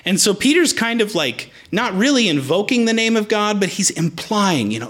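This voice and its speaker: A man's voice: sits high, sing-song, normal speed, hardly any pauses, a bit bright. A man preaching a sermon, explaining the Greek words in the text as he teaches.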